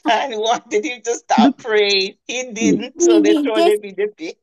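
A woman answering a quiz question slowly and carefully over a video call. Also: fairly high pitch, expressive, over a noisy crowd, rough recording. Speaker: quiz participant.

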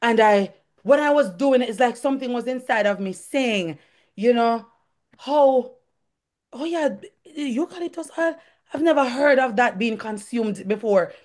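A woman's voice: fairly high pitch, expressive, a little slow. Fervent young woman preaching testimony. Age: young adult. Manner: fervent, rising to shouts. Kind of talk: testimony sermon.

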